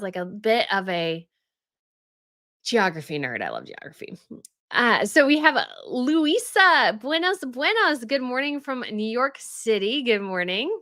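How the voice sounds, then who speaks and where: A woman hosts a casual royal news livestream, chatting with viewers, reading their comments aloud and laughing often as she goes. Her voice is fairly high and sharp, captured in a dry, clean studio recording.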